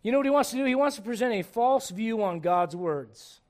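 High-voiced lively male preacher. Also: fairly quick. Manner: animated, humorous, swings from soft asides to shouting. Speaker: pastor. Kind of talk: sermon. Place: church.

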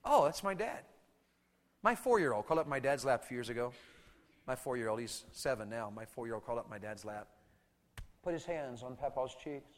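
A man preaching to teenagers with animated storytelling, swinging from quiet asides into shouted bursts. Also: mid-range voice, fairly quick. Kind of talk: youth sermon. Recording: hall reverb.

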